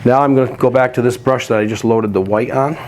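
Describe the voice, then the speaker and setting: A man teaching a painting lesson, walking through each step in a relaxed, practical way while he works. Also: mid-range voice, fast, a little hiss or hum. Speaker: painting instructor.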